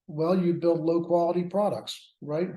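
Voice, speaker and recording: A man's voice: fairly high pitch, steady tone, moderate pace, warm tone. A man teaching a workshop class, lecturing with wry, self-mocking asides. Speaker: workshop instructor. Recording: roomy echo.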